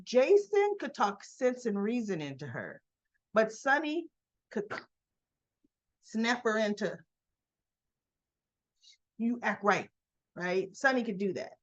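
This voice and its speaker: Animated woman recapping a soap opera. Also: on the high side, measured pace, long pauses, lo-fi sound. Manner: animated storytelling that acts out characters' lines. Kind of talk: casual episode recap.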